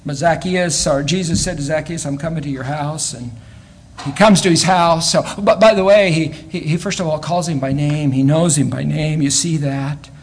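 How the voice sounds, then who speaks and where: A man preaches in a high voice. His delivery is animated, rising to loud exclamations and dropping to quiet asides, and he often restarts and repeats words as he builds each point. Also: moderate pace, husky. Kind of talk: sermon.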